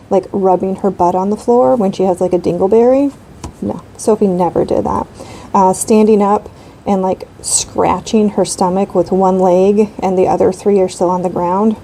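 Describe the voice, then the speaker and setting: Thirties mom, casual rambling chat host, dark mellow tone, slight hiss behind. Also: female voice, medium pitch, gravelly, low-quality recording. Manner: rambling, frequent ums and likes. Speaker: craft channel host. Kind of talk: casual chat while coloring.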